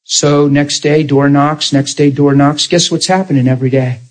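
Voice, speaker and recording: A man preaching a sermon, telling a story in an animated way and speaking directly to his congregation. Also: a little high, moderate pace.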